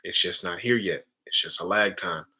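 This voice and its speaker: Man, low voice, edgy bright tone, casual spiritual talk, frequent tag questions. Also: normal speed, slightly rough. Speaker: spiritual teacher.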